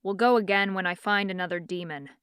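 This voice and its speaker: A woman narrator voicing a condescending, stern young man who hunts demons, speaking low and curt in an audiobook. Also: a little fast, a bit bright, smooth, no room sound, clean studio sound, natural voice. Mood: scornful. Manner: curt, scornful.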